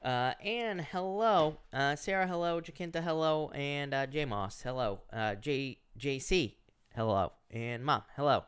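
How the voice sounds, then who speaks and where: A man's voice: fairly high pitch, lively intonation, unhurried, a bit bright, smooth. A man doing a casual live-stream tarot reading, greeting viewers and reading out their questions in a chatty, filler-heavy way. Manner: casual, chatty, lots of filler "uh" and "is what I'd say". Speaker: tarot reader. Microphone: headset or earphones.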